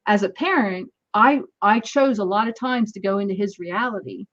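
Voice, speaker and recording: Woman telling lively parenting stories. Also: mid-range voice, normal speed, muffled recording. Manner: animated anecdotes, acts out dialogue. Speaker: guest, energy healer. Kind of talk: casual storytelling in an interview.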